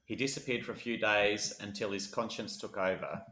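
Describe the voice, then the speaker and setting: A man's voice: lowish voice, fairly even intonation, brisk, bright, forceful tone, roomy sound. A man co-hosting a true crime podcast, reading case notes aloud between jokes and laughs. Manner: jokey, laughs often, reads story aloud. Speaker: podcast co-host.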